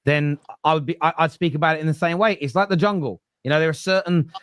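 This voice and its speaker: A man's voice: a little high, fast, fairly bright tone, clean tone, no room sound. A man hosting a casual football fan debate, rambling through long animal analogies with frequent restarts.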